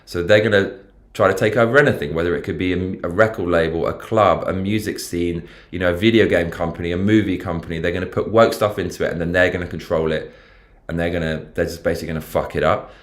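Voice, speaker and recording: Man, London accent, deep voice, rambling and profane, livestream commentary. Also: fairly even intonation, fast talker. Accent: London English. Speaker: livestream host. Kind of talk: casual political commentary livestream.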